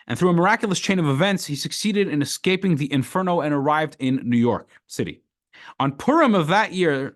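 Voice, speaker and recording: A rabbi teaching a Torah class, telling a story with acted voices in a casual manner. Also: male voice, on the high side. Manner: casual, with fillers.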